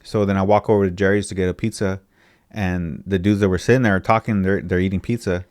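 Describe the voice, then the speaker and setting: A man's voice: sits low, steady tone, fast talker, darkish tone. A young man hosting a podcast, telling stories in casual, slangy, profane talk. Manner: slangy, profane street storytelling. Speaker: podcast host. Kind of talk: casual storytelling chat.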